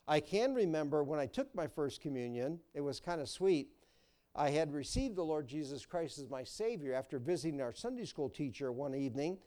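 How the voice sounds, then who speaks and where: A man's voice: fairly high pitch, darkish tone. Folksy male pastor preaching. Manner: folksy, storytelling, repeats words. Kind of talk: sermon.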